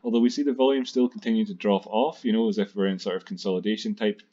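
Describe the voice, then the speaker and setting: Fast-talking man, low flat voice. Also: highs cut off. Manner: fast-talking, with many fillers and self-corrections. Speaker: crypto chart analyst, channel host. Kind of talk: screen-share technical analysis commentary.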